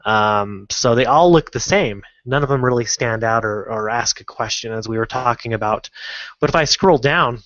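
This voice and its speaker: A man's voice: medium pitch, fairly bright tone, no room sound. Casual man with dull lo-fi audio. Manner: casual, halting, many fillers and restarts. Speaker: online marketing instructor. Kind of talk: screen-recorded tutorial walkthrough.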